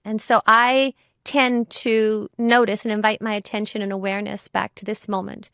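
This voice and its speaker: A woman's voice: mid-range voice, little pitch movement, moderate pace, gravelly, a bit bright, smooth, dry recording, studio quality. A woman who is a mother, talking as a guest in a reflective conversation, thoughtful and full of "you know" and "like" fillers.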